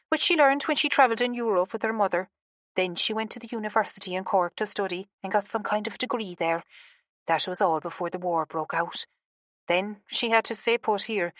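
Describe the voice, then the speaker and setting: A woman's voice: a little high, fairly bright tone, no echo. Woman reading a chatty helpful local guy, easygoing, dry close audiobook sound. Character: friendly local Irish man, chatty and helpful.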